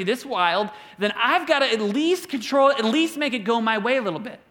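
A man in his thirties delivering a sermon, telling stories with humor and lively delivery. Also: sits high. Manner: animated storytelling with humor. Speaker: preacher.

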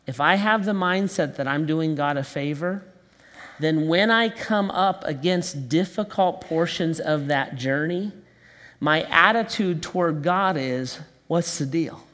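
A male pastor giving a sermon in a conversational style, moving between quick asides and slow, emphatic phrases. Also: on the high side, expressive, fairly bright tone, long reverb tail.

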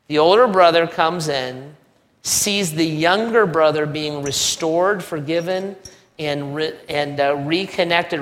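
A male pastor preaching a sermon in a conversational, animated way, with joking asides. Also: a little high. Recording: long reverb of a large hall.

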